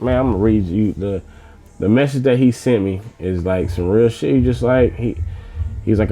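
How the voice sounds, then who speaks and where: A man's voice: fairly low pitch, moderate pace, dark tone. A man, a music manager talking casually in an interview, loose and emphatic with slang and many restarts.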